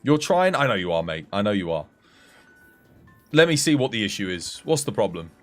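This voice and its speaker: A man's voice: fairly low pitch, normal speed, faint music behind. Chatty English man streaming games. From England. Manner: relaxed, chatty, addresses chat as mate. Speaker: game streamer and coach. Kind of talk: casual livestream chat.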